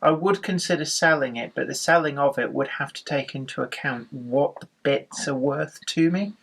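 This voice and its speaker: A woman's voice: deep voice, normal speed, fairly bright tone, breathy edge. Eager, chatty woman. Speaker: co-host and opponent. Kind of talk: casual chat.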